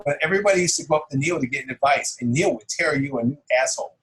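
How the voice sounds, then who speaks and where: Over poor audio, a middle-aged man who draws comic books speaks very fast in a slightly high voice. As an interview guest he's casual and animated, telling stories and chuckling along the way.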